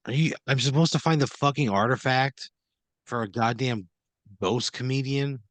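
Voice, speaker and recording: A man's voice: mid-range voice, moderate pace, dry recording. A man playing along in an improvised comedy scene, exasperated and swearing constantly. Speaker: improv player. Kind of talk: improvised comedy role-play.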